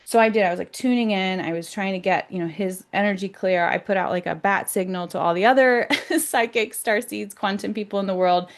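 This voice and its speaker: An American woman talking casually to her viewers, excited and emphatic, often repeating words for stress. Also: mid-range voice, fairly quick, few pauses. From United States. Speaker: self-described psychic vlogger. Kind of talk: casual monologue to camera.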